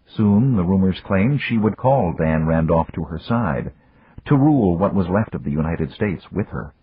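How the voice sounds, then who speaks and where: A man narrating an audiobook with measured, even storytelling. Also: low voice, slight background noise. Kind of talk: scripted narration. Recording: dry, tinny phone-like audio.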